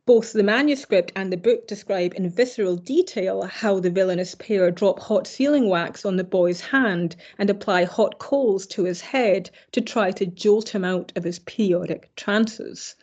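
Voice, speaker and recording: A woman's voice: medium pitch, unhurried, hardly any pauses, a little mellow. A woman giving an academic keynote lecture, hesitant with fillers and self-corrections, with dry wry asides. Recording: slightly dull lo-fi recording.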